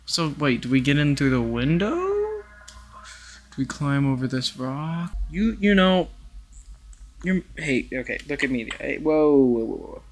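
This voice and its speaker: Gravelly young man narrating VR play. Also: medium pitch, big pitch swings, a little slow, a little hiss or hum. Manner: rambling, swears casually, talks to the game characters. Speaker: gaming YouTuber. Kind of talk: casual VR gameplay commentary.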